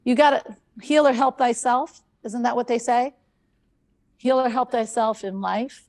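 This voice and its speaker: Conference host, female, higher pitch with a gravelly edge, animated storyteller who repeats herself for emphasis. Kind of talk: conference talk.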